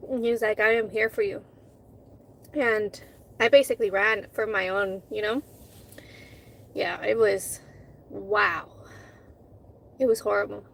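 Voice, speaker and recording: A woman's voice: fairly high pitch, fairly bright tone, poor audio. A woman vlogger in casual chat with her live viewers, candid, swearing freely and acting out conversations as she tells them.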